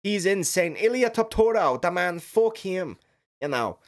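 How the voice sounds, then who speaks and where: A man doing an impression of a rowdy, drunk fighter, ranting loudly and excitedly. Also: high voice, a little slow, voice pushed up. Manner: loud excited rant.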